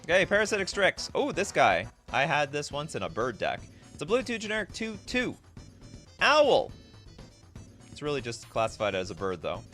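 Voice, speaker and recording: A man's voice: on the high side, huge pitch swings, normal speed, fairly bright tone, soft background music. A man streaming live, reading viewer requests in casual, self-mocking chat, laughing often.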